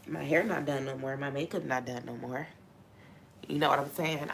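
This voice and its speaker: A woman's voice: sits low, slight background noise. A woman hosting a faith talk on a live stream, venting frankly and swearing freely.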